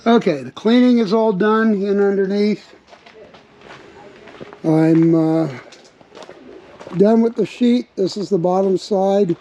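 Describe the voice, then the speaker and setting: A man's voice: high voice, mellow, muffled recording, slight background noise. A man casually talking viewers through each step of a hands-on repair job. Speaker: vlogger working on his RV. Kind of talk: casual work narration to camera. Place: workshop area around a vehicle frame.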